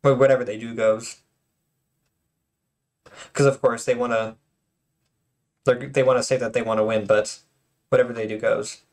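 A man's voice: medium pitch, little pitch movement, normal speed, pauses often. A man casually commenting on game replays, often stuttering and restarting his words, with apologetic asides. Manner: self-conscious, apologetic asides.

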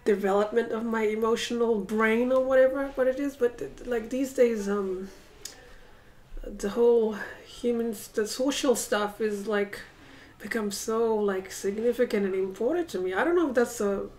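A woman's voice: fairly high pitch, normal speed, darkish tone. A woman talking casually to a camera set up across a room at home, reflective and rambling, with many hesitations. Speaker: vlogger. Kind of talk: casual vlog monologue.

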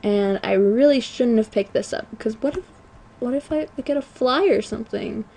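A teenage girl at home giving chatty, self-mocking commentary on a video game, often apologizing and breaking into excited outbursts. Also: a little high, normal speed, creaky, breathy edge. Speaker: let's play gamer. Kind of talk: casual gameplay commentary.

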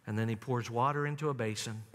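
A man preaching a sermon, telling the story dramatically and swinging from high, loud emphasis down to low, hushed lines. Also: fairly even intonation, fast talker. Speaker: pastor. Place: church sanctuary. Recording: long church reverb.

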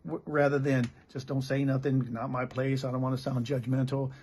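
A man's voice: mid-range voice, little pitch movement, brisk, a little mellow. A middle-aged American man preaching a blunt, candid sermon as a pastor. He talks plainly and often restarts his sentences. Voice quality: gravelly and very raspy. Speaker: pastor and missionary.

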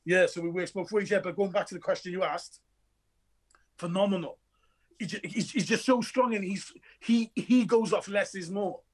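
A man, an actor telling animated stories about his work in a lively interview chat. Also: high-pitched, normal speed. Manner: energetic, restless storyteller who acts out quoted dialogue.

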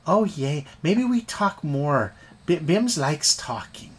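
A man's voice: fairly high pitch, big pitch swings, slow pace, breathy edge, heavily acted. A man voicing a small, eager, childlike male pseudodragon who talks in broken, simple grammar. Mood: gleeful.

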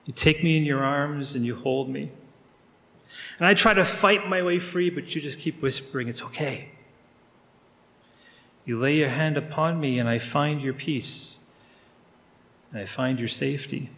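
Pastor, man, earnest spoken prayer, slightly high voice, long church reverb. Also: moderate pace, creaky, bright, forceful tone. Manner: earnest, intimate, addressing God directly. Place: church sanctuary. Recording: long reverb of a large room.

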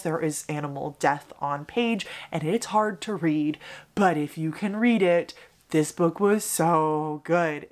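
A young woman talking casually about books she loved, chatty and expressive, gushing at times, in her apartment. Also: lowish voice. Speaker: book reviewer. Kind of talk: casual book review vlog.

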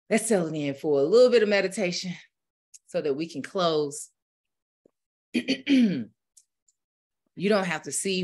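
A woman spiritual teacher, preaching with rising fervor and then leading a slow, calm guided meditation. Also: low voice.

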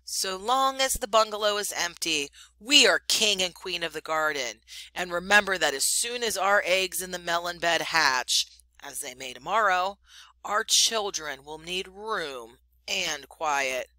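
A woman voicing a cold, scheming female cobra who lays out her plans in a hushed, firm way while reading a story aloud. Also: on the low side, expressive, unhurried, dry recording, rough recording.

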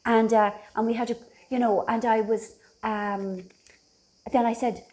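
A woman's voice: on the high side, little pitch movement, unhurried, a little mellow. A middle-aged Irish woman chatting casually to her phone camera from a holiday house, rambling and self-deprecating. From Ireland. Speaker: vlogger.

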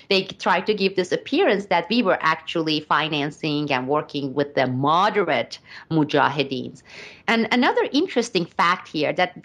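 Deliberate, emphatic middle-aged woman. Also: on the low side. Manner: deliberate, emphatic, with frequent "uh" pauses. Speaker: guest commentator. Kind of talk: casual podcast discussion.

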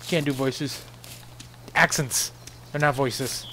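A man's voice: medium pitch, fairly even intonation, slow, noisy background. A young man giving casual, rambling commentary over a survival game, sarcastic and swearing freely. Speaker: gaming channel host.

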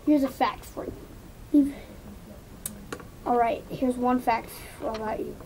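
A woman's voice: on the high side, fairly even intonation, slow pace, darkish tone, slight background noise, rough recording. A woman vlogger chatting casually to viewers while painting, rambling through asides and self-talk.

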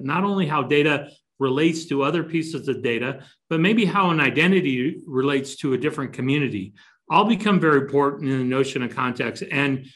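A man presenting a business webinar, measured and deliberate, shifting his stress to make points. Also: a little high, fairly bright tone. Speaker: company chief executive presenting a webinar.

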